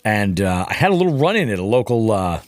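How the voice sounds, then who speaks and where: As a podcast guest, a man tells a casual, profane story in an animated way, acting out what people said. He talks fast in a lowish voice, and the recording is dry.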